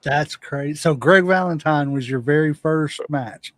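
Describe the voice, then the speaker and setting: A man's voice: fairly high pitch, unhurried, no room sound. Man reacting with short remarks. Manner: short reactions and follow-up questions. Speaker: host. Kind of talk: casual chat.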